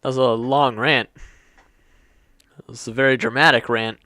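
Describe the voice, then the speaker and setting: A man's voice: medium pitch, steady tone, moderate pace, sharp tone, dry recording. A man giving casual let's-play commentary to his viewers, chatty and apologetic, stumbling over his words. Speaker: gaming YouTuber.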